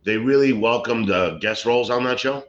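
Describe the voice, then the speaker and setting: A middle-aged man, a comedian telling rambling stories and deadpan jokes in a casual interview. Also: mid-range voice, brisk. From Brooklyn, New York. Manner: rambling, joking, deadpan punchlines. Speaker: guest, comedian and actor. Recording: slightly muffled lo-fi recording.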